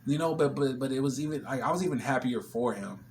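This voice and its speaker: A man tells a personal story straight to camera in a loose, conversational vlog style. He is openly moved and keeps replaying the back-and-forth of the exchange. His voice sits at an everyday middle pitch, with a faint hiss of noise behind it. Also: fast talker, a little mellow. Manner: emotional, retelling a conversation with quoted back-and-forth. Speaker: vlogger. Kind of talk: casual storytelling.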